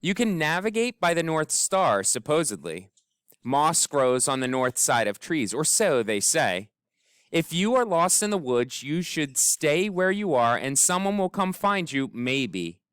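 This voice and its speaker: A man narrating an audiobook in an expressive, wry storytelling manner. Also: a little high, measured pace, clear, resonant tone, dry recording, studio quality. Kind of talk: scripted narration.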